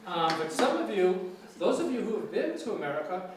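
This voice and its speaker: A man from New York City giving an informal talk as a guest lecturer on English, relaxed and chatty with many fillers and restarts. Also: sits high, a little fast, distant mic. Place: university lecture room. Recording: echoey room, from afar, faint hiss.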